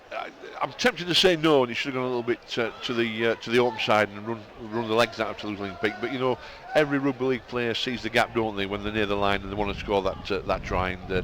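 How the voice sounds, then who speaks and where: A man's voice: on the low side, noisy background. A man from Bradford with a Yorkshire accent, co-commentating on live rugby league in a chatty, opinionated way. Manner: chatty, opinionated, chuckling asides.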